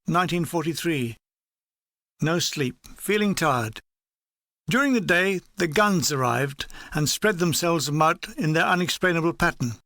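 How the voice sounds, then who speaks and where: A man's voice: fairly high pitch, bright, forceful tone, no room sound. Dry, wry man reading his memoir. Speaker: author narrating his war memoir. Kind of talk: audiobook reading.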